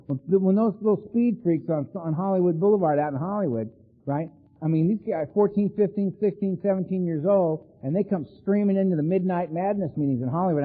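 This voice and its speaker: Animated man sharing at an AA meeting. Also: on the high side. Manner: animated, laughing storyteller, tosses in "right?" and "man". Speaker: AA speaker. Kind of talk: recovery meeting share, storytelling. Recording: phone-like sound in a long-reverb hall.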